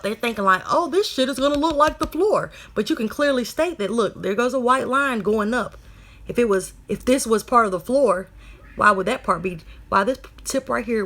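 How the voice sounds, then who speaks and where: Woman vlogger, casual talk to camera, blunt and exasperated, cusses a lot, mid-pitched voice. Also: fairly bright tone. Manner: irritated and blunt, swears freely; talks straight to viewers as y'all.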